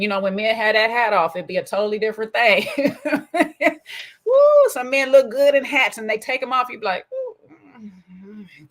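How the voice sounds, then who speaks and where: A woman hosting a casual, sassy commentary on a reality dating show, with a colloquial, animated delivery. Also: medium pitch. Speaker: commentary host.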